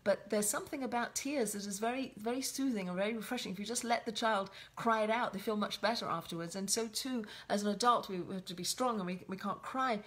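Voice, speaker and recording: A woman teaching a weekly Torah portion in a reflective, unscripted way. She circles back on her phrases and restarts them as she thinks aloud. Her voice sits at an ordinary middle pitch for a woman. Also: fast, hardly any pauses, a bit bright. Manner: reflective, with frequent restarts and repetition. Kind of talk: spoken Torah lesson.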